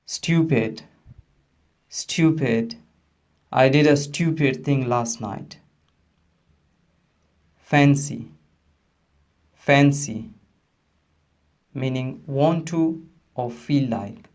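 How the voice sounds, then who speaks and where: A man who is not a native English speaker, teaching pronunciation in a lesson and slowly repeating each word with care. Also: medium pitch, a little mellow.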